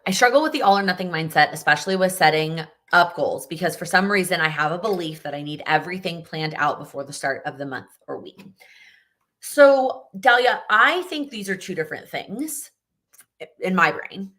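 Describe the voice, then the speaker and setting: A woman's voice: lowish voice, animated, moderate pace, a bit bright. A young woman hosting a live Q&A, chatting casually and giving encouraging advice, often restarting her sentences. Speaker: host answering viewer questions.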